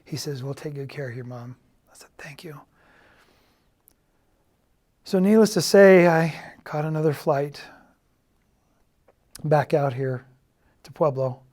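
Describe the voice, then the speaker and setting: Quiet man telling a personal loss. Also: fairly high pitch. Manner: quiet, halting storytelling that quotes others' words. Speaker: church testimony speaker. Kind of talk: personal testimony. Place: church.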